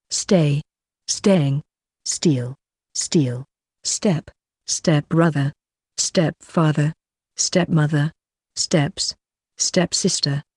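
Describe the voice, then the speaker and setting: A woman reads a vocabulary list one word at a time, leaving a steady pause after each word. Her voice sits low and a little husky, and she moves through the list very slowly. The sound is close and dry, with no room around it. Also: dry recording. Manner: reads single words one by one with even pauses. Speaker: vocabulary reader. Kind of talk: slow word-list pronunciation reading.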